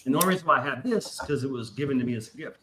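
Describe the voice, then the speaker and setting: A man's voice: medium pitch, lively intonation, rapid-fire, bright, forceful tone, a little hiss or hum, rough recording. A man in his forties hosting a casual show, rambling and swearing through a story. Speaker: podcast host. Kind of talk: casual chat.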